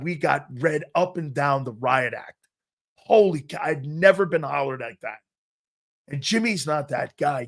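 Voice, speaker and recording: A middle-aged man hosting a sports talk show, telling a profane, animated story and loudly acting out the people in it. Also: mid-range voice, normal speed, creaky.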